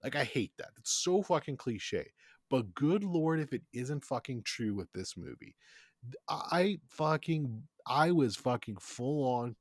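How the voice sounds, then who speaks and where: A man's voice: mid-range voice, animated, a little slow, no room sound, clean studio sound. A man co-hosting a podcast in casual chat, talking enthusiastically and profanely, rambling with lots of fillers. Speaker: podcast co-host.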